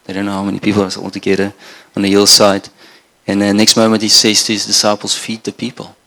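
Gravelly, even-toned male preacher from Namibia. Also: fairly low pitch, fast talker. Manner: earnest, conversational preaching with restarts. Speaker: pastor. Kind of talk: sermon.

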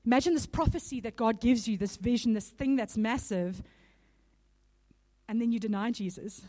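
A woman giving a sermon in a casual, animated storytelling manner. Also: on the high side, normal speed. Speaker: speaker. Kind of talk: conversational sermon.

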